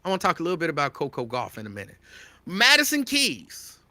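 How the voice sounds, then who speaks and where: A male talk show host talks fast in a fairly high pitch, speaking right to his "y'all" listeners. Animated and emphatic, he circles back over the same points. No room sound is audible.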